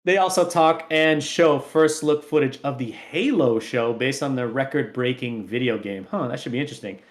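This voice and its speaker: A man's voice: mid-range voice, moderate pace. A male sports podcast host running through the show's promos and sign-off. He sounds upbeat and playful, with a casual, chatty delivery. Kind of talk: casual sports podcast chat and show outro.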